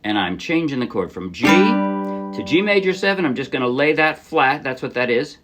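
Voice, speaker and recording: A man's voice: mid-range voice, sing-song, moderate pace, over loud music. Encouraging man teaching ukulele. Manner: encouraging, patient step-by-step explaining. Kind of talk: casual music tutorial. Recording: ukulele playing loudly under voice.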